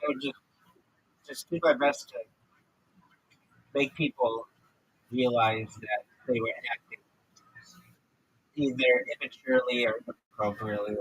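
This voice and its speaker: A man's voice: medium pitch, steady tone, unhurried, long pauses, fairly bright tone, husky, no room sound, rough recording. A man hosting a livestream, chatting casually and swearing as he jokes, acting out imagined conversations in different voices. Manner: profane, joking, acts out imagined dialogue. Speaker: livestream host.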